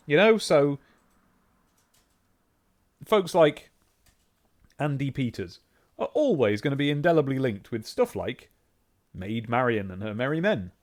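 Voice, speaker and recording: Man, 30s, game streamer, animated and chatty. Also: on the high side. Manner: rambling, self-interrupting, chatty. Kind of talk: casual live-stream chat.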